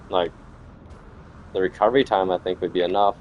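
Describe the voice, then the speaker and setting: A man's voice: sits low, steady tone, moderate pace, vocal fry, long pauses, a little mellow, highs cut off, a little hiss or hum. A middle-aged man giving casual, rambling commentary while playing a video game, dropping "man" and "yo" as he goes. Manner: rambling, laid-back, says "man" and "yo". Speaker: gaming channel host.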